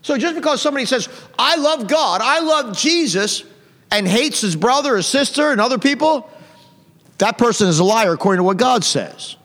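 High-voiced man teaching the Bible. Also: expressive, a bit bright, big-room sound. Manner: slow, deliberate reading of scripture, pausing to define words; repetitive and emphatic, with rising intensity.

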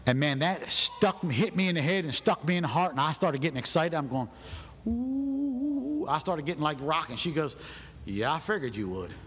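A man preaching a sermon in a folksy storytelling manner that builds to shouting. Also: fairly high pitch, fairly quick, hardly any pauses, long reverb tail. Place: church.

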